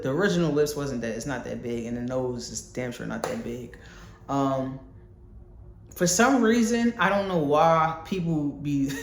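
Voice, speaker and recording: A man from Philadelphia with a slightly high voice vlogs while painting a wall at home, the room echoing. He's a visual artist who talks loosely and candidly, rambling, swearing freely, and musing aloud with lots of fillers.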